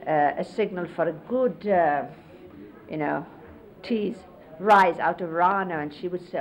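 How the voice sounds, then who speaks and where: A middle-aged woman casually reminiscing, explaining hand gestures in an unhurried, conversational way and often quoting others. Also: fairly low pitch. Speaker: interviewee recalling life with a spiritual teacher. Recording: lo-fi 1970s videotape, faint hiss.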